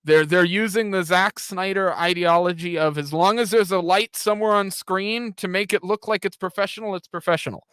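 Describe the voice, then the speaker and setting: A man's voice: high-pitched, steady tone, a little fast, few pauses, a bit bright, clear, resonant tone, no room sound. A man hosting a podcast, casually and critically reacting to a trailer with exasperated asides. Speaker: podcast host.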